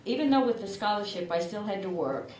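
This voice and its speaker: A woman's voice: mid-range voice, expressive, brisk, darkish tone. An older woman from southern Illinois, with a rural southern Illinois accent, giving a chatty, self-deprecating acceptance speech at a podium mic. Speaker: award recipient. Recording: echoey room from far off, background noise.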